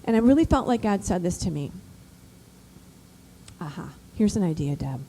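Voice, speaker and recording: A woman giving an emphatic, animated motivational talk to mothers, built around personal stories. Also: fairly low pitch, moderate pace, slight background noise, poor audio. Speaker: speaker addressing mothers. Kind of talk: motivational storytelling speech.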